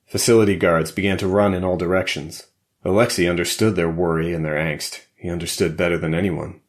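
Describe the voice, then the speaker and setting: A man narrating a spy thriller audiobook in a measured, steady way. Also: sits low. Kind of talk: scripted narration.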